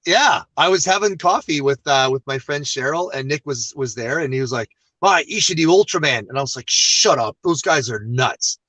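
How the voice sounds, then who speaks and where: A man, a guest on an interview show, telling a long personal story in a casual, animated and self-deprecating way. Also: mid-range voice, normal speed, hardly any pauses, no echo.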